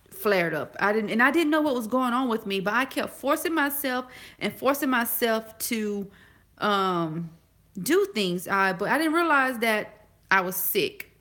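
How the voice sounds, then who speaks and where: A woman in her forties chatting casually to a live audience, talking fast and often pausing to find her words. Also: medium pitch, a bit bright. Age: 40s. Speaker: vlogger.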